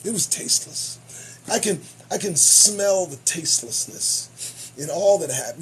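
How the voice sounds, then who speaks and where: Man, show host, high voice, sarcastic, cursing news commentary. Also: a little slow, a little hiss or hum. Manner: animated, swearing, sarcastic. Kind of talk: profane comedic news commentary.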